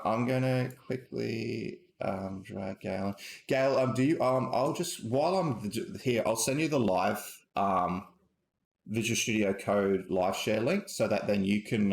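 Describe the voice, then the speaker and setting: Gravelly man hosting a stream. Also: on the low side. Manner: rambling, many ums and restarts, self-correcting. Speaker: host. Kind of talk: casual live-stream tech talk. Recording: roomy echo.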